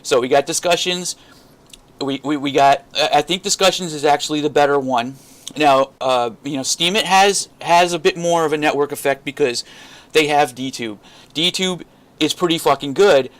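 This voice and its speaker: A frustrated man vents in an unscripted vlog rant, his voice pitched somewhat high. He swears constantly and rambles, restarting sentences as he goes. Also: moderate pace, fairly bright tone. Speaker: crypto vlogger.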